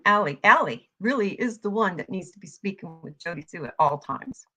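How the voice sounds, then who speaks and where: A woman giving a heated, profane commentary rant, yelling at times. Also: mid-range voice. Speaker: online commentator.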